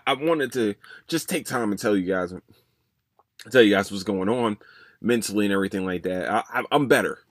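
A man hosting a solo podcast in casual chat, rambling and profane, telling stories with animated swings. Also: lowish voice, no echo, clean studio sound. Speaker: podcast host.

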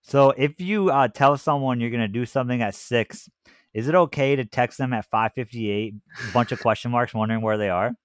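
A man's voice: medium pitch, fairly quick, no echo, clean studio sound. A man co-hosting a casual podcast from home, wry and joking, poking fun at his co-host. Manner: wry, joking, does mocking impressions. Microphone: home mic, off camera.

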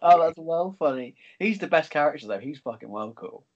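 A man hosting a casual podcast chat, chatty and excitable, swearing freely. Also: fairly high pitch, a little fast, lo-fi sound. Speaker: podcast host.

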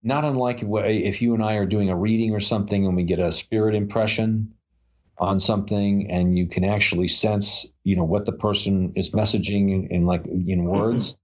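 A man's voice: fairly low pitch, steady tone, moderate pace. A man co-hosting a casual chat about paranormal stories, rambling with many fillers and restarts. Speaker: podcast co-host.

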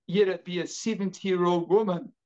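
High-voiced energetic storyteller man. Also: normal speed, highs cut off. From New Zealand. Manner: energetic, acts out quoted voices. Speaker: podcast guest. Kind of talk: animated storytelling.

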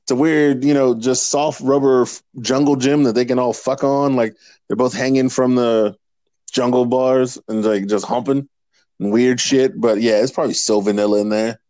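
A man's voice: medium pitch, steady tone, normal speed, warm tone, no room sound. A man co-hosting a casual wrestling podcast, crude and rambling, laughing often. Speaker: podcast co-host. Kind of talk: casual profane chat about wrestling.

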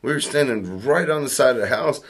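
A man telling a story in a casual chat, animated and profane, often laughing. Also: mid-range voice, brisk, slightly rough. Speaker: storyteller among friends.

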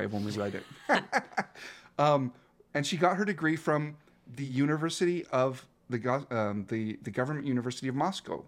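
Earnest man in his fifties, coach being interviewed, reflective delivery, mid pitch. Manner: earnest, reflective, with frequent restarts. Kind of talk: interview guest telling a story.

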